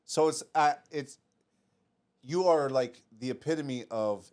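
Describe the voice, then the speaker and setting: A man's voice: mid-range voice, slow pace, darkish tone, smooth. A man hosting a casual podcast, affirming his guest and talking loosely with lots of "bro". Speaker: podcast host.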